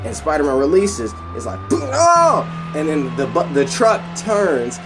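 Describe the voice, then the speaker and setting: A man hosts his channel and retells an action story in long, rambling run-on sentences. His pitch swings widely as the excitement builds, and music runs beneath his voice. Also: normal speed. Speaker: channel host.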